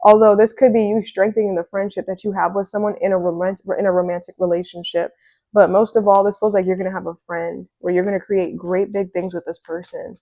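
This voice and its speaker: A woman giving a casual, excitable tarot reading, chatty and full of fillers. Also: medium pitch, brisk, no room sound. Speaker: tarot reader.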